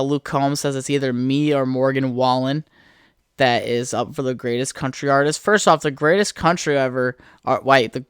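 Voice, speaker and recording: A man's voice: mid-range voice, smooth, no echo. Male solo podcaster, mid-range voice, foul-mouthed rambling storyteller, apartment setting with a dry sound. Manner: crude, rambling, profane, easily sidetracked. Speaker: podcast host. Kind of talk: solo casual podcast rant. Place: apartment room.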